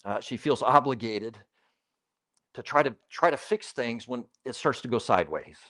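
A man's voice: medium pitch, expressive, moderate pace, fairly bright tone. A man preaching a sermon as pastor, in a conversational, emphatic way, putting questions to the congregation and repeating key phrases.

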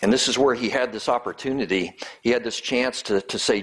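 Man preaching a lively sermon. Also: medium pitch, brisk, few pauses, slightly rough. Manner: acts out quoted lines with shifting tone. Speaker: pastor.

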